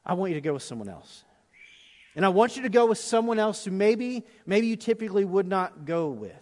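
A middle-aged pastor with a high, light male voice delivers an impassioned sermon, brisk and sing-song, swinging between urgent preaching and hushed prayer. His words trail off into the long reverb of a big church auditorium.

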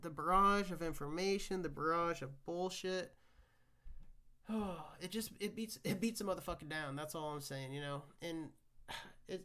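A man's voice: high-pitched, fairly bright tone. A man holds forth alone in a loose, unscripted rant. He swears freely and trips over his own restarts. His delivery moves between worn-out sighing and sudden heated bursts. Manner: rambling, profane, frequent restarts; swings between weary sighs and heated outbursts. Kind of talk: casual rant monologue.

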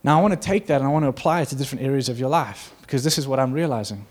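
A man's voice: mid-range voice, rapid-fire. A man preaching a sermon to his church in an earnest, conversational way, acting out quotes as he goes. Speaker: pastor.

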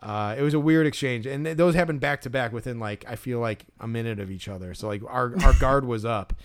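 A podcast co-host tells a story in casual chat, full of fillers and restarts. His medium-pitched voice is smooth and fairly quick.

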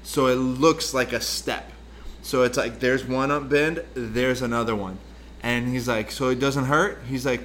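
A man's voice: medium pitch, steady tone, a little slow, fairly bright tone, slight background noise. A man co-hosting a podcast in casual chat, rambling through stories and swearing freely. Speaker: podcast co-host.

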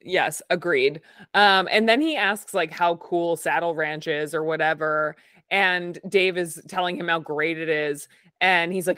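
A woman's voice: on the low side, fairly even intonation, unhurried, a bit bright, smooth, dry recording, clean studio sound. A woman co-hosting a podcast, recapping an episode with enthusiasm and frequent laughter. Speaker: podcast co-host. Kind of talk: casual recap chat.

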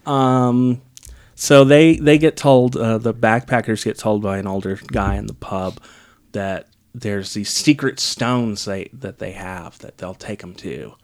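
A man's voice: on the low side, measured pace, darkish tone. A man on a casual podcast, recapping a film in a sarcastic, rambling way with lots of ums. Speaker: podcast co-host reviewing a film. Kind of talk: casual chat.

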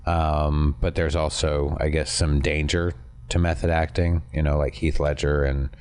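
Very deep-voiced man musing casually. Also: level tone, darkish tone, clear, resonant tone. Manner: thoughtful, measured explanations, self-deprecating. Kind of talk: casual chat.

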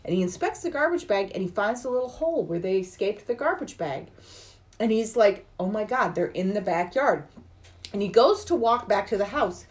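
A woman's voice: mid-range voice, big pitch swings. A woman in her forties on a podcast, casually retelling movie scenes and swearing as she acts out the characters' lines. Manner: swears freely, acts out lines in quick asides. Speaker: podcast host recapping a film.

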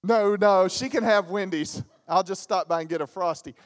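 A high-pitched man at a moderate pace preaches as a guest pastor, his voice filling a large hall of a sanctuary. He's in his 40s, from the Southern United States, and his sermon is animated storytelling laced with jokes and imitated voices.

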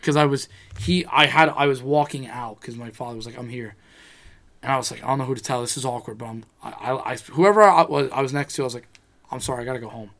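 A man's voice: medium pitch, fast, creaky, a bit bright. A man in casual chat, telling a rambling personal story, swearing freely and acting out what people said.

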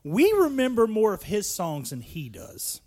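A man co-hosting a casual podcast, excitable and swearing, breaking into mock rants. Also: high voice, a little slow. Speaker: podcast co-host. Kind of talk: casual chat.

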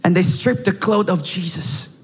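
A man with a Korean accent preaching a dramatic sermon, acting out scenes with shouts and hushed lines. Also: high voice, moderate pace, slightly rough. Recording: reverberant hall with faint music.

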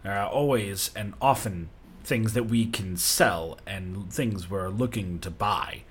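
A man's voice: lowish voice, slow, slight background noise. A man voicing a huge, proud male fire giant king who speaks grandly and theatrically. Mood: grand, amused.

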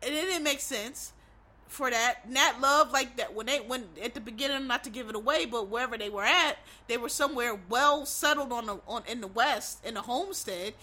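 A woman's voice: fairly high pitch, normal speed, pushed and bright. A woman vlogger giving blunt, profane, emphatic opinions in casual commentary, full of rambling asides. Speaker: vlogger reviewing films and shows.

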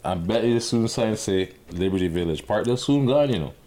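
A man chatting casually as a podcast co-host, slangy and animated, dropping into quick voices. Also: lowish voice. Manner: slangy, animated, does quick accent impressions. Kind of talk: casual chat.

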